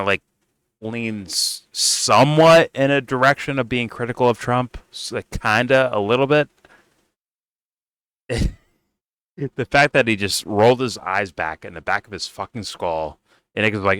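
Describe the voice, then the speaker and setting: A man's voice: lowish voice, fairly bright tone, clear, resonant tone, no room sound, clean studio sound. Profane, exasperated man ranting. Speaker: host reacting to a debate. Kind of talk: reaction commentary.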